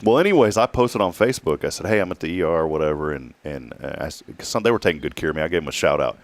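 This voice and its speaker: A man's voice: rumbling low, expressive, dry recording. A man hosting a casual morning radio show, telling stories and laughing often. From Texas. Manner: storytelling, laughs often, drawn-out asides.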